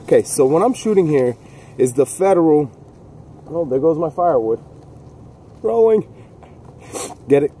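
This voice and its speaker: A man talks casually outdoors on a cold day, rambling with folksy jokes and asides. His voice is mellow and dark. Faint outdoor noise sits behind him. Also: mid-range voice. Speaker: gun video host.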